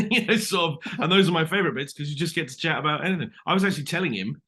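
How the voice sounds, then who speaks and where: Quick, bright-voiced British man. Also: on the high side, lively intonation. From Britain. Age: 30s. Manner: rambling storyteller, many restarts, says mate. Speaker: actor guest. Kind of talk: casual interview chat.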